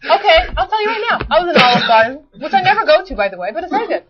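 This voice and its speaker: A woman's voice: very high voice, big pitch swings, rapid-fire. A woman co-hosting a stock market show, teasing her co-host and stumbling through technical company news in casual banter. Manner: playful, teasing, stumbles over technical terms. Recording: dull lo-fi sound.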